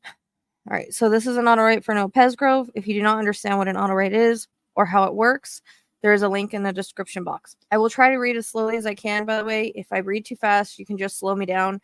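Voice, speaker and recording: A woman hosting her psychic channel, talking fast and explaining at length as she reads from her own notes. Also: medium pitch, fairly even intonation, clean tone, dry recording. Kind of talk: reading aloud her own notes to camera.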